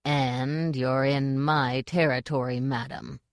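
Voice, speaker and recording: A woman's voice: very deep voice, monotone, measured pace, gravelly, a little mellow, dry recording, studio quality, voice pushed down, heavily acted. A woman voicing a feisty, sullen old village witch woman who snaps and hisses in an audiobook. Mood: menacing. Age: older. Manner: snappish and sullen. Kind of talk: audiobook character voice.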